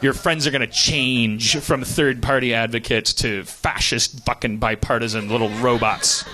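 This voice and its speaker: A man's voice: medium pitch, fairly even intonation, normal speed, few pauses, sharp tone, a little hiss or hum. A middle-aged man hosting a live comedy podcast, rambling in casual chat with many stammered restarts and chuckling asides. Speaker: podcast host. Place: live stage show.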